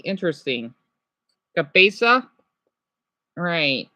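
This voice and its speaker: A woman livestreaming casually, reading practice words aloud and chatting with her viewers, excitably exclaiming at surprises. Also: medium pitch, slow pace, long pauses, no echo. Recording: dull lo-fi sound.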